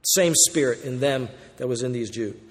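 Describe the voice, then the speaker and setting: A man preaching a verse-by-verse sermon, swinging between loud emphatic warnings and quiet low asides. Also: moderate pace, long reverb tail. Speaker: pastor. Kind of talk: expository sermon.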